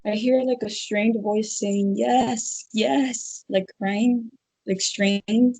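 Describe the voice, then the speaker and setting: A woman under hypnosis describing what she sees, speaking hesitantly with halting restarts. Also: mid-range voice, steady tone, darkish tone, no room sound, rough recording. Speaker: hypnosis client.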